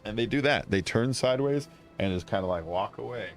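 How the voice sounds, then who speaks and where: A male gaming streamer giving casual let's-play commentary. He rambles in a chatty way, his pitch rising and falling a lot, with light game music in the background. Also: lively intonation, a little fast. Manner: chatty and rambling, with frequent fillers and laughs.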